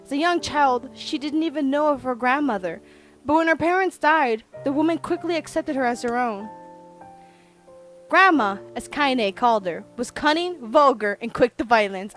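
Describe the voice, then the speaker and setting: A woman with a high voice reads a game's story out loud on stream, breaking off to comment and laugh. Soft music sits faintly behind her. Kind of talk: reading game story text aloud with reactions.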